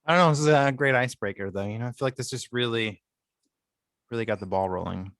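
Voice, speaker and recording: A man co-hosting a podcast in casual joking chat, dropping deadpan crude one-liners. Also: medium pitch, quick pace, dry recording, clean studio sound. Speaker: podcast co-host.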